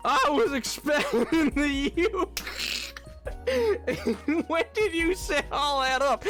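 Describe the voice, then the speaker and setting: A man's voice: very high-pitched, very animated, very slow, pauses often, over music. A man streaming a game, chatting casually with his viewers while laughing a lot and stammering over his words. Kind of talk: casual game livestream chat.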